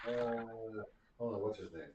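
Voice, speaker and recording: A woman's voice: rumbling low, moderate pace, dull audio, noisy background, voice pushed down. A man voicing a frantic female halfling pie baker in broken English, with a put-on Scottish accent that slips toward Eastern European. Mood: flustered. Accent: put-on Scottish slipping to Eastern European. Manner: broken English, flustered and pushy. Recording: roomy, distant mic.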